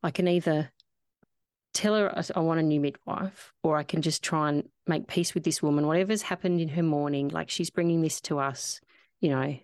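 A woman hosting a podcast tells a personal story in casual chat, open and emotional, with many "like" fillers. Her voice sits low, and the recording is close and dry, with no room echo. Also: fairly even intonation, normal speed, a little mellow. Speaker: podcast host.

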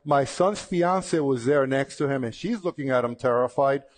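A man's voice: medium pitch, normal speed. A middle-aged man telling a personal testimony in a casual, conversational way, with frequent restarts. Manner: lively, conversational retelling with repeated "and, and" restarts. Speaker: speaker sharing a personal testimony.

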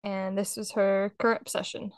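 A young woman co-hosting a podcast, telling stories in a casual, giggly, animated way. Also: mid-range voice, moderate pace, heavy background noise. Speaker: podcast co-host. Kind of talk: casual chat.

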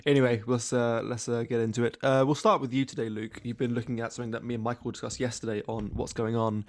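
Male podcast host, easygoing and wry, dry close-miked sound, mid pitch. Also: little pitch movement, quick pace, no echo. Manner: easygoing, wry, a few stumbles. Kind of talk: casual podcast chat.

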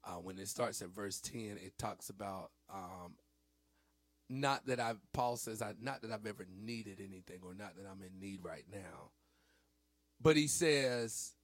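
A man hosting a casual faith talk, playful and animated, joking and mimicking preachers. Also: fairly low pitch, a little slow, no room sound. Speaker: host.

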